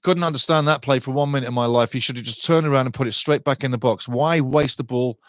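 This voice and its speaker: A middle-aged man hosting a live match watchalong, commentating on play and chatting with viewers in a lively, excitable way. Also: fast talker, dry recording, studio quality. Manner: excitable, chatty, rises in pitch and volume on attacking play. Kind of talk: live fan commentary with chat reading.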